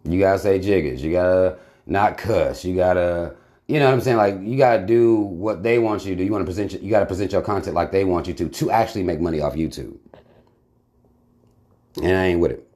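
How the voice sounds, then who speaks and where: A man with a very low, deep voice hosts his own channel. He talks bluntly and emphatically, swearing freely in loose, casual commentary. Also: brisk, warm tone. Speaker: channel host reacting to a video.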